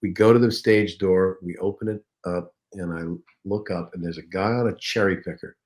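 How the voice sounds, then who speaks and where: Low-voiced man telling stories. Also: normal speed. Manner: animated anecdotal storyteller. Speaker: guest, comedian and voice actor. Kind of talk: casual interview storytelling.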